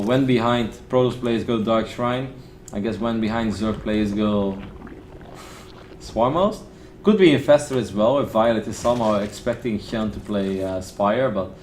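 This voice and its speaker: A man's voice: lowish voice, a little mellow, reverberant, slight background noise, low-quality recording. A man casting a strategy game match solo, chatty and analytical with candid asides. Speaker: esports caster. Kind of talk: solo esports play-by-play commentary.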